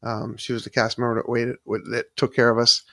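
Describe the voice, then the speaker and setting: A man's voice: mid-range voice, completely flat delivery, fairly quick, gravelly, pushed and bright, dry recording, clean studio sound. A man hosting a live stream, chatting casually and rambling as he thanks viewers in the chat. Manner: rambling, restarts sentences often and thanks chat viewers by name. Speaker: livestream host.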